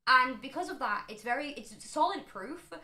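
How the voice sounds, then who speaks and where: Bright quick woman streamer guest, animated and sweary, chatting in an echoey room. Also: high voice. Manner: animated, swears and laughs often. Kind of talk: casual podcast chat.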